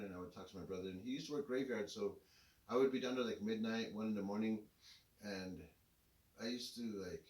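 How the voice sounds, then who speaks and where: A man's voice: lowish voice, a little mellow, far from the mic. Laid-back man, echoey room. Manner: laid-back, rambling with many fillers. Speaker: co-host telling his story. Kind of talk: casual storytelling. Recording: echoey room, voice a bit off-mic.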